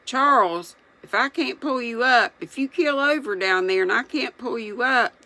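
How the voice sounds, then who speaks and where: A reader voicing an anxious, determined pioneer wife and mother, pleading and urgent, with a gravelly, bright voice. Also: mid-range voice, expressive, normal speed, voice pushed up. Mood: fierce.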